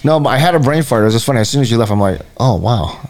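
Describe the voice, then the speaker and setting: A man's voice: medium pitch, lively intonation, very fast, darkish tone. A man co-hosting a live podcast, chatting casually in a loose, rambling way with lots of fillers. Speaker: podcast co-host.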